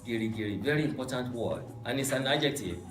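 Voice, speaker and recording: A man teaching a Yoruba class, quizzing his students in an animated way and swooping up on key words. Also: medium pitch, quick pace. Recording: echoey room, distant mic, faint music.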